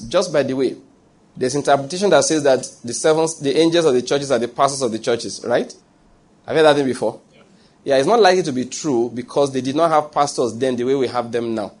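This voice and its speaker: A man's voice: mid-range voice, fast, darkish tone. A man preaching a sermon who reads scripture aloud and keeps asking his listeners whether they follow.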